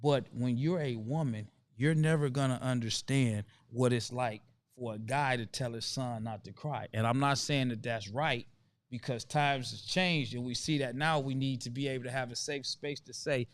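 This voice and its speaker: An earnest man in relaxed conversation, speaking at an ordinary middle pitch. He hammers his points home with emphasis and repeats key phrases for weight. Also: normal speed, dry recording. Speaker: host. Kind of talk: casual conversation.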